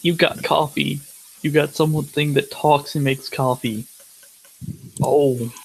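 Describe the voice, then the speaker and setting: A man's voice: on the high side, fairly even intonation, slow pace, creaky, background noise. A man playing a tabletop role-playing game, talking in character in a sardonic, teasing way. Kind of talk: in-character role-play chat.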